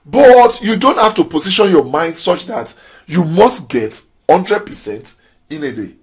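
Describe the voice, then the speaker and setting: Man, husky, slightly high voice, motivational trading lesson, preachy, rhetorical questions. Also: animated, unhurried, a little mellow. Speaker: crypto trading trainer. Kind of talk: motivational training talk.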